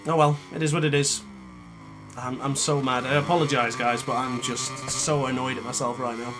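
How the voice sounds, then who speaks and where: Over music, a male gaming YouTuber with a mid-range voice talks at normal speed in a level tone. He narrates a racing game live, frustrated and self-critical, muttering and scolding himself a lot. The engine noise and motorbike sounds of the game run behind him.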